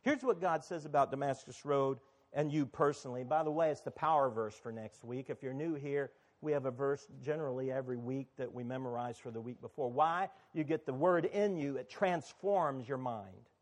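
A man's voice: mid-range voice, normal speed. A man, the pastor of a church, preaching a sermon in a conversational, sometimes emphatic way.

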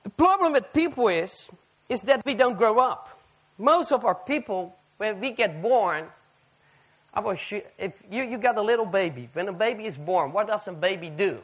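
Very high-voiced, animated male preacher. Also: normal speed. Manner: animated, asks the audience rhetorical questions. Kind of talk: sermon to a live audience.

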